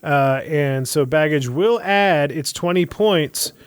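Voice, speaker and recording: A man with a high-side voice speaks slowly in a clean tone with no echo. Co-hosting a casual podcast about a tabletop game, he explains the rules hesitantly, leaning on lots of fillers.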